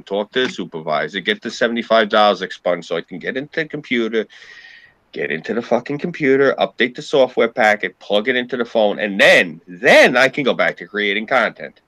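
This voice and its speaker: A man's voice: on the low side, sharp tone, dry recording. A man telling long, rambling stories in a casual group chat, swearing freely. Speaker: podcast co-host.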